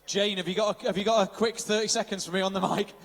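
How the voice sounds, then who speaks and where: A man's voice: high-pitched, fairly even intonation, quick pace, a bit bright, long reverb tail. A man announcing and interviewing at the finish of an outdoor race, upbeat, reeling off finisher names and slipping in Welsh phrases. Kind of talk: live event commentary. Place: outdoor finish area of a triathlon.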